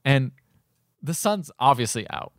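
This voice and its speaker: A man co-hosting a podcast, recapping a bad movie with animated storytelling and acted-out quotes. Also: medium pitch, unhurried, no echo, clean studio sound. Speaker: podcast co-host. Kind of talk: comedic movie recap chat.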